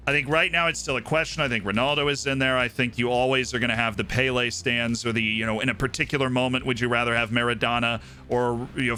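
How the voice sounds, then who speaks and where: A man's voice: medium pitch, bright, forceful tone. A man streaming live, rambling through his opinions in casual chat and often checking in with "right?".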